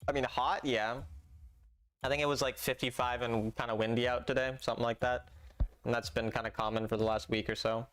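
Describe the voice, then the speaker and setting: Young male streamer, smooth voice, dry sarcastic chat with viewers, slangy. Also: mid-range voice, little pitch movement, a little fast, fairly bright tone. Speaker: livestreamer playing a mobile game.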